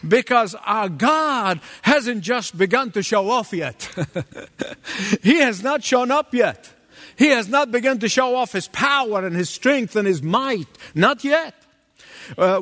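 A man preaching a sermon as pastor, dramatic and animated, acting out the voices of the people in his story. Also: very high-pitched, big-room sound.

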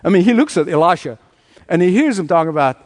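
A middle-aged man preaching a sermon, telling the story with animated energy and chuckling as he goes. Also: sits high, quick pace. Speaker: pastor.

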